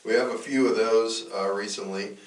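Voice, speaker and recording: A man's voice: fairly low pitch, fairly even intonation, moderate pace, far from the mic. Rambling male podcast host, roomy sound. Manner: loose and rambling, frequent fillers and restarts. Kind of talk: casual podcast chat.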